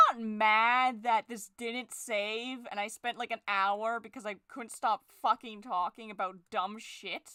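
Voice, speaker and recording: Young woman rambling while drawing, sarcastic and sweary, bright voice, dry close sound. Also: steady tone, a little slow, hardly any pauses, smooth, no echo. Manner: sarcastic, swings to shrill forced cheer; swears freely. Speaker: drawing vlogger. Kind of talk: casual chat while drawing.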